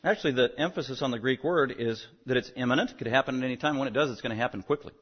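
A man preaching an expository sermon as pastor, emphatic and surging louder on key words. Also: medium pitch, very fast, breathy edge. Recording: muffled lo-fi sermon recording.

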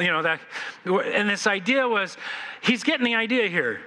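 A man preaching a sermon as pastor, animated and playful, acting out the scenes he describes. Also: high-pitched, moderate pace, big-room sound, low-quality recording. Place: church sanctuary.

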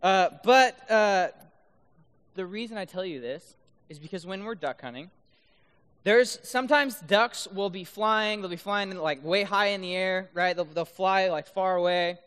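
Bright high-voiced man in a reverberant hall. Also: a little slow, clear, resonant tone. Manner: playful, keeps checking in with the audience. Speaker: youth speaker. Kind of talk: youth talk with duck call demos. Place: large room full of high schoolers.

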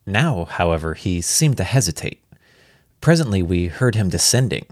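Deep-voiced man reading a story aloud. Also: normal speed, dry recording, clean studio sound. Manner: relaxed, chatty, comments and laughs at his own slips. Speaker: reader. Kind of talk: casual read-aloud of a classic story with asides.

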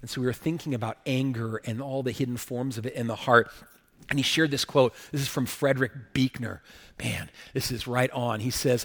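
A man's voice: medium pitch, fairly even intonation, fairly quick, big-room sound. A male pastor preaching a sermon emphatically, often checking in with rhetorical questions.

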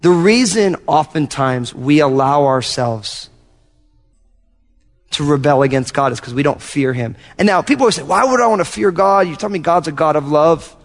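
A man pastor preaching a sermon, telling animated stories and acting out little asides to his congregation. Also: on the high side, moderate pace, long reverb tail, faint music behind. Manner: animated storytelling with acted-out asides.

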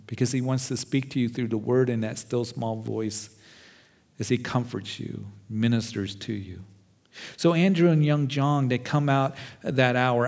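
A man in the pulpit, preaching a sermon with an animated storytelling manner. His voice sits at an ordinary middle pitch, and he acts out the quoted lines as he tells the stories. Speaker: pastor.

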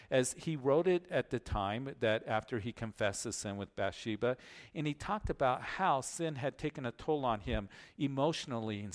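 Working verse by verse through Scripture, this pastor explains earnestly in a medium-pitched voice. Repeated words and filler pauses crop up often as he teaches.

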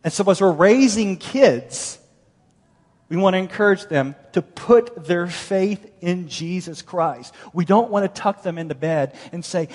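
A middle-aged man preaching a sermon as pastor, animated and storytelling, acting out the voices he quotes. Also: sits high, measured pace. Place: large church hall. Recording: long church-hall reverb.

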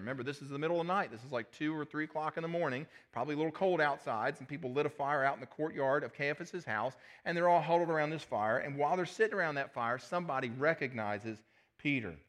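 A man preaching a sermon as pastor, animated, retelling scripture as a vivid story. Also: fairly high pitch.

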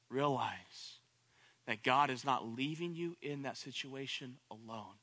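A man's voice: mid-range voice, a little slow, bright, forceful tone. A man preaching a sermon, repeating phrases and building to impassioned cries. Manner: repetitive, rising to impassioned cries at peaks.

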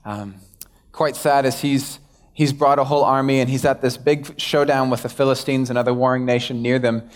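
A man's voice: mid-range voice, steady tone, normal speed. Young male pastor, conversational sermon delivery, light self-mocking humor, everyday mid-range voice. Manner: casual, self-deprecating, acts out quoted dialogue.

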